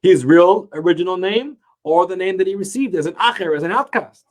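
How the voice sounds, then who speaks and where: A man, a rabbi, teaching a Torah class, telling stories with animated rhetorical questions. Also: high-pitched, brisk.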